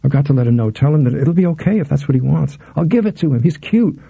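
A man's voice: fairly high pitch, expressive, fast, gravelly, husky, dry recording, narrow, tinny audio, voice pushed up, exaggerated voice. A man voicing a frightened young woman held captive, pleading in a breathless, raised voice.

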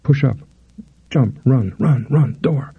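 A man's voice: medium pitch, slow pace, breathy edge, no echo, narrow, tinny audio, heavily acted. A man voicing a frightened young woman held captive, pleading in a breathless, raised voice. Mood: panicked.

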